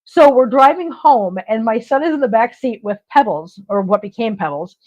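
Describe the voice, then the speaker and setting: A woman's voice: fairly high pitch, expressive, moderate pace, a little mellow. A middle-aged woman hosting a casual livestream chat, telling stories in a chatty way and laughing often. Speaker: host. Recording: dull lo-fi stream audio.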